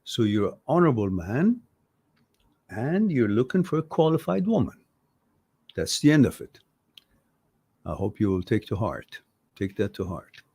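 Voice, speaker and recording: A man's voice: fairly low pitch, sing-song, measured pace, long pauses, warm tone, husky. A man hosting an advice talk show, speaking bluntly and passionately, swearing when riled and acting out both sides of conversations. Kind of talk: livestream advice talk reading viewer comments.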